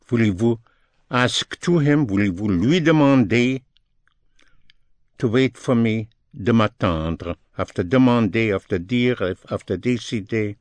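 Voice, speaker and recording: A man teaching French phrases as a language lesson, speaking slowly and deliberately, repeating each phrase in English and French. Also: on the low side, a little mellow, no room sound.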